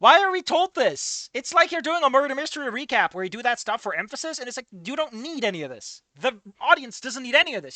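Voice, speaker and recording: A woman casually reacting to a fanfic, exasperated and swearing freely, yelling at the characters, laughing often and trailing off into low mutters. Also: big pitch swings, quick pace, few pauses, no room sound. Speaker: fanfic reader and commentator.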